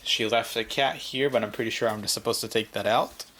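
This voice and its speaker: A man narrating a relaxed family home vlog in a low-key way. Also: brisk, over a noisy crowd. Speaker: vlogger father.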